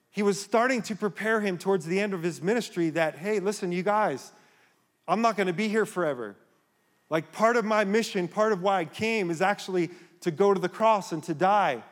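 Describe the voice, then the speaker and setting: Male pastor, higher voice, fervent sermon delivery, long reverb of a church hall. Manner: impassioned, rising to emphatic calls. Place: church sanctuary.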